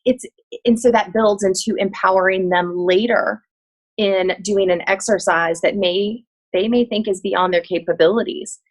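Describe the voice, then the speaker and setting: A woman's voice: medium pitch, steady tone, moderate pace. Earnest woman Pilates instructor, heartfelt. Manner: earnest and heartfelt, with many restarts. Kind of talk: casual chat on a video call. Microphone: video call.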